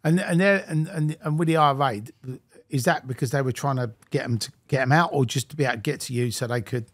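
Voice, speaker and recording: A man's voice: medium pitch, quick pace. A male podcast host, prompting his guest with short interjections and questions. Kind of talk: casual interview.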